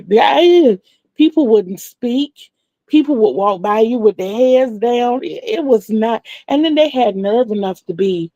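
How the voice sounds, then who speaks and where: On her crochet livestream, a middle-aged woman tells animated stories in a casual chat, laughing often and acting out the voices of the people she quotes. Her voice is medium-pitched, recorded dry and lo-fi.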